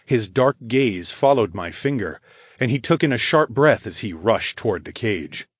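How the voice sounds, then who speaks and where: A man narrating a first-person fantasy audiobook in a dry, deadpan, cocky manner. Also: on the low side, moderate pace, breathy edge, no room sound.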